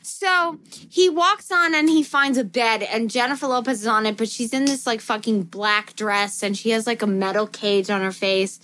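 A woman co-hosting a casual podcast, retelling a movie with crude jokes and quick impressions of its characters. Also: fairly high pitch, fairly bright tone, rough recording. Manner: crude, laughing, acts out characters' lines. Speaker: podcast co-host recapping a movie. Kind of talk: casual chat, retelling a film with quoted voices.

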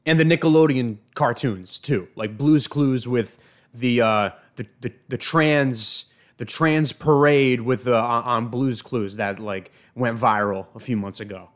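A man's voice: mid-range voice, unhurried. A man hosting an opinion commentary on video clips, indignant and emphatic, often stumbling and repeating words. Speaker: show host.

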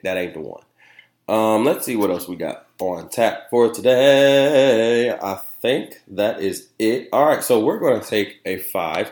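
A man hosting his own solo podcast, ranting in a casual, animated way, talking straight to his listeners with slang and asides. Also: medium pitch. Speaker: podcast host. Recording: roomy echo.

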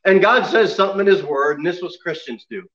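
A man's voice: high voice, fast, a bit bright, highs cut off. A man preaching a sermon to his congregation in an emphatic way, often asking them questions. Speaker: pastor.

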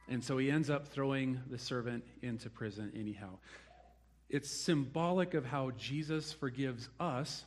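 A male preacher delivering a sermon in a lively, storytelling way. His voice sits a little higher than most men's. He brings the figures he quotes to life with their own voices. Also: normal speed. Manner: animated storytelling, acting out the quoted characters. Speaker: pastor.

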